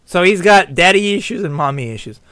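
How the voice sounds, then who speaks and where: A man streaming as a VTuber, reacting to a game with jokey, casual commentary. He laughs a lot and his voice swings widely, a bit high for a man. The sound is dry and close. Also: animated, fairly quick, fairly bright tone, smooth, no echo.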